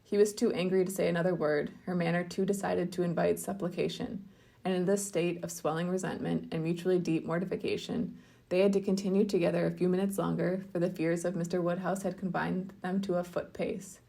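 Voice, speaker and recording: A woman librarian reading a classic novel aloud in a measured storytelling manner. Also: lowish voice, little pitch movement, creaky, warm tone.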